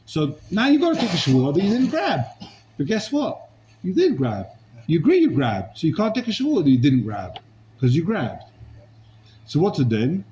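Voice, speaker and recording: A man's voice: fairly high pitch, dark tone, highs cut off, a little hiss or hum. A man teaching a Talmud class, arguing a legal case with rhetorical questions and Hebrew and Aramaic terms.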